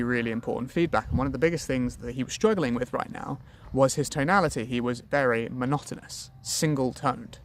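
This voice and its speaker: A man giving sales-training advice to camera in a lively, colloquial, self-deprecating way. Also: medium pitch, a little hiss or hum.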